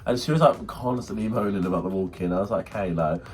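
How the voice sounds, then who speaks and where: A young man, co-hosting a podcast and telling stories in a casual, animated way. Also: quick pace, faint music behind. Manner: animated storyteller, acts out friends in squeaky voices. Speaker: podcast co-host. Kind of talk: casual chat.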